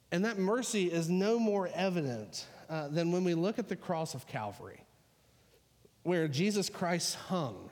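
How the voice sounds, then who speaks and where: Male pastor, casual storytelling sermon delivery, slightly high pitch, recorded in a reverberant hall. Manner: conversational storytelling with fillers.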